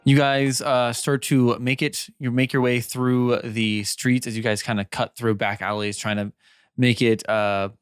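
Smooth, unhurried male game master. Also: mid-range voice, no echo, clean studio sound, soft background music. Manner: relaxed, filler-heavy narration. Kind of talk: narrating a tabletop game.

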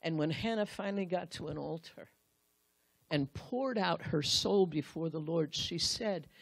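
A woman's voice: low-pitched, a little slow, gravelly, husky, no room sound. A woman Bible teacher giving a sermon, speaking earnestly and straight to the husbands in the room, acting out the quotes she reads.

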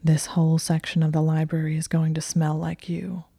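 A woman whispering as a husky dominant young man. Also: monotone, moderate pace, warm tone, dry recording, studio quality, heavily acted. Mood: husky, commanding. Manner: low, husky murmur. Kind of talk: whispered role-play.

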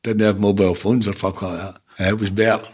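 A man's voice: lowish voice, level tone, a little fast, slightly rough. A Scottish man in his seventies, a former football manager, telling stories in a casual interview, blunt and swearing freely with laughs between. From Scotland. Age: 70s.

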